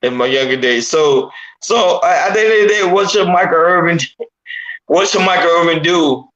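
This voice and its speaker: A man co-hosting a casual talk show, giving his opinions in an earnest, measured way. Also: fairly high pitch, a bit bright, dull audio. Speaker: co-host. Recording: echoey room.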